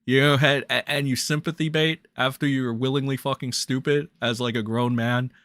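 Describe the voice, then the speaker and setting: Male streamer, crude blunt rant, bright forceful voice, dry close sound. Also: medium pitch, fairly even intonation, moderate pace, no room sound. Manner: blunt, crude, ranting with sudden loud jumps. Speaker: drama commentary streamer. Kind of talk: profane livestream commentary.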